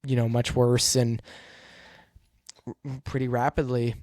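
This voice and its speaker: Guy with a mid-range voice hosting his podcast, halting, lots of ums, earnest, dry close sound. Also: mid-range voice, flat delivery, no echo. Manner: halting, soft-spoken, many pauses and fillers; emotional, earnest. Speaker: podcast host and race car driver. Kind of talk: reflective personal storytelling.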